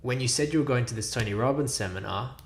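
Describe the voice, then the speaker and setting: A man's voice: mid-range voice, fast talker, a little hiss or hum. A man hosting a podcast, asking thoughtful, probing questions in a casual interview. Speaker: podcast host. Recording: echoey room with faint ambience.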